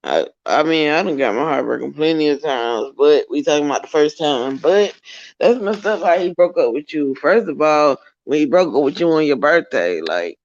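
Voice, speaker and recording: Young woman, co-host, gravelly, rambling slangy storytime, dull lo-fi sound. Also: deep voice, lively intonation, normal speed, dry recording. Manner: rambling, slangy, keeps correcting herself. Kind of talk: casual storytime chat.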